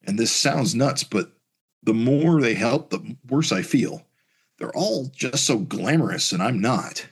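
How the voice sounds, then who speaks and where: A man reading aloud the halting lines of an insecure young male superhero who feels unworthy. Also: medium pitch, expressive, slightly rough. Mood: unsure. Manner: hesitant, self-deprecating. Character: insecure young male hero, self-doubting.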